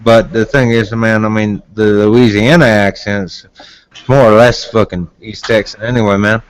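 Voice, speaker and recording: A man's voice: fairly low pitch, flat delivery, moderate pace, smooth, rough recording. A man rambling and joking crudely in casual voice chat banter, slipping into a mock drawl. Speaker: voice chat participant.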